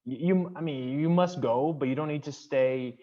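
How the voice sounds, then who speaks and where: A man's voice: on the high side, moderate pace, mellow. Brazilian-accented young man on a muffled call. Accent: Brazilian Portuguese. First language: Portuguese. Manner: enthusiastic, loose, many fillers and restarts. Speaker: international student guest. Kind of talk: casual interview chat. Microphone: video call. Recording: dull lo-fi video call audio.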